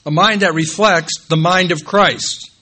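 A man preaches a sermon in a church with a bright, forceful tone. His voice climbs to emphatic peaks on key phrases. It falls low and soft whenever he names the next passage. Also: unhurried. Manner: rises to emphatic peaks, drops low and quiet when calling out scripture references. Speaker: pastor.

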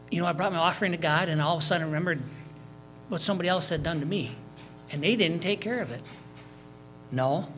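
A man's voice: on the high side, a bit bright. A man preaching a sermon, reading scripture verses aloud and explaining them in plain, conversational terms, with repeats and fillers. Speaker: pastor.

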